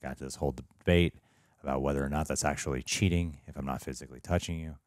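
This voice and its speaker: Deep-voiced man hosting a casual review chat. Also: fast talker, no echo, clean studio sound. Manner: deadpan joking, rambling tall tales. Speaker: co-host of a reaction review show.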